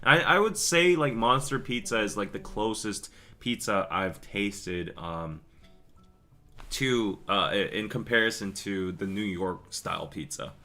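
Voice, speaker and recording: A young man hosting a live stream, chatting casually and rambling through stories and viewer comments with quick asides and laughs. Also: fairly low pitch, animated, pushed and bright, faint music behind. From Korea. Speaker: podcast host reading live chat.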